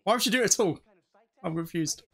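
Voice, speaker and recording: A woman's voice: lowish voice, expressive, fast talker, gravelly, breathy edge. A woman giving casual, exclamatory reaction commentary. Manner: chatty, exclaiming, laughs often. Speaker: reaction video host.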